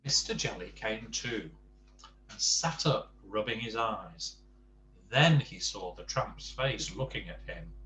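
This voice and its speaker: An older man, a grandfather, reading a bedtime storybook aloud in an expressive, gentle way, with a faint hum in a roomy recording. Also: fairly low pitch, slow pace.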